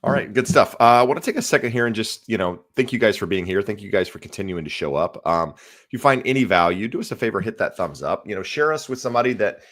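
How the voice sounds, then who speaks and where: A man's voice: on the low side, lively intonation, fast, a bit bright. A man hosting a live podcast, chatty and upbeat, thanking viewers and reading out their questions. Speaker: podcast host, real estate agent. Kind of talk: casual live-stream hosting.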